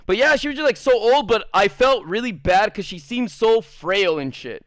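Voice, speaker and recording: A man's voice: high voice, lively intonation, moderate pace, a bit bright, no room sound. A man streamer casually telling a rambling, profane story, laughing as he goes.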